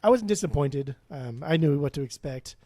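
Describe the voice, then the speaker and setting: A man's voice: fairly high pitch, expressive, normal speed, dark tone, no room sound, studio quality. A man co-hosting a casual music podcast, blunt and swearing freely, often restarting his sentences. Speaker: podcast co-host.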